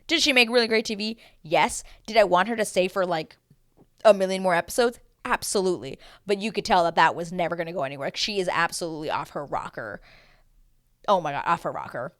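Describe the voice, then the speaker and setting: Woman, casual recap host, lowish voice with a lively, swooping delivery, gossipy and blunt, drops in impressions. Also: fairly quick, no echo, studio quality. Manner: animated and gossipy, mimics the cast in voices.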